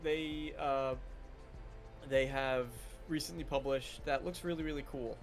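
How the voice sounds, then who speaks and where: A man's voice: mid-range voice, steady tone, measured pace, soft background music. A man chatting loosely as a guest co-host on a gaming podcast. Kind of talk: casual podcast chat.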